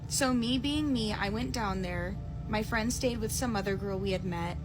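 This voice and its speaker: A woman's voice: mid-range voice, normal speed, music in the background, low-quality recording. A woman reading a viewer's ghost story aloud and then chatting about it, with many filler words.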